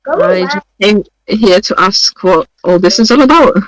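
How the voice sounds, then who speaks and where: A woman's voice: mid-range voice, expressive, moderate pace, no echo, low-quality recording. A woman playing a tabletop game who speaks in a plain, matter-of-fact way. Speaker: player. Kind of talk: casual tabletop game chat.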